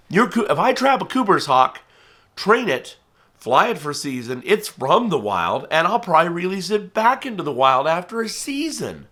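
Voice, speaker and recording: Earnest, chatty American falconer. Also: male voice, high-pitched, very animated, normal speed, bright, forceful tone. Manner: earnest, conversational, acts out quoted voices. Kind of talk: casual explanatory talk to camera.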